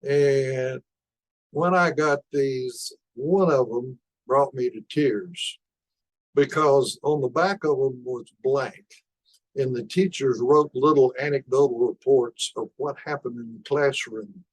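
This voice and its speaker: An older man delivers a lecture at a measured, unhurried pace. His voice sits at an ordinary middle pitch, and he often pauses with an "uh" as he walks through the results. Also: rough recording. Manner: slow and deliberate, with frequent "uh" pauses. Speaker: conference speaker. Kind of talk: lecture presenting study results.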